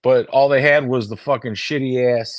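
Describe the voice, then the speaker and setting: A man rambles to his viewers in a loose, profane chat, stumbling over repeated words and starting sentences over. His voice sits at an ordinary middle pitch. The sound is very dry and close, captured on a phone with no room echo. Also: fairly even intonation, moderate pace. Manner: heavy swearing, restarts and repeated words. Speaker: streamer talking to viewers.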